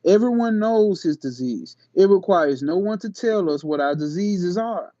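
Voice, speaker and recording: Male channel host, fairly high voice, emphatic reading broken by slangy asides, dry dull recording. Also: expressive, moderate pace, warm tone, no echo. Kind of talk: reading aloud with casual commentary.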